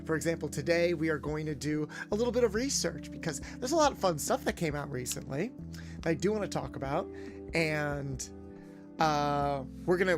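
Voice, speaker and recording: A young man chatting casually with viewers on a livestream, playing up a friendly garage mechanic persona. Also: on the high side. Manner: chatty, animated, in-character garage mechanic patter. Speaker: VTuber streamer.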